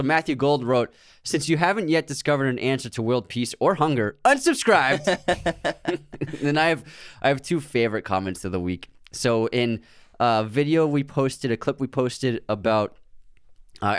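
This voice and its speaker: A man's voice: mid-range voice, smooth, no room sound, clean studio sound. A man co-hosting a podcast, chatting casually and reading listener comments aloud with frequent laughs. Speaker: podcast co-host. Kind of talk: casual chat.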